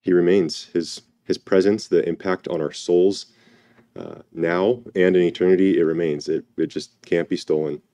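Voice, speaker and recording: Casting note: male preacher, deep warm voice, relaxed reflective delivery, dry close sound. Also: normal speed, dry recording. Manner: casual, reflective, with many fillers. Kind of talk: informal sermon with scripture reading.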